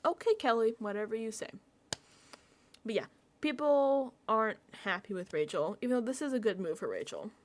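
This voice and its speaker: A woman doing casual recap commentary on her vlog, animated and profane and laughing often. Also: a little high, moderate pace. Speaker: reality TV recap vlogger.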